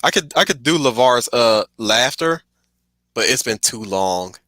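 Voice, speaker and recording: A man streaming casual, digressive commentary; he gets excited, laughs often and apologizes for getting sidetracked. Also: medium pitch, unhurried, dry recording.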